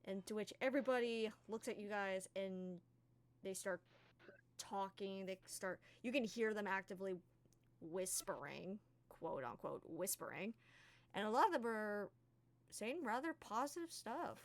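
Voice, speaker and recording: Woman GM narrating a tabletop session, relaxed and unpolished, dry recording. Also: medium pitch, dry recording. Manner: casual, halting narration with fillers. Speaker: game master.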